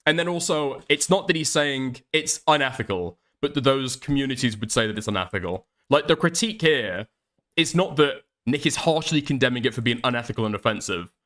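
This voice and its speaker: A man's voice: medium pitch, lively intonation, a little fast, fairly bright tone. A man commenting on online drama, reading out posts and reacting in a blunt, exasperated, profane way. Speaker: commentary streamer.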